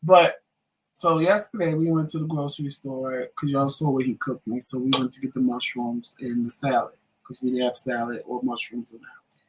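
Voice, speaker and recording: A man's voice: medium pitch, moderate pace, slight background noise, rough recording. A man co-hosting a casual talk show, telling a story and acting out the voices of the people in it. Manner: animated storyteller, acts out quotes.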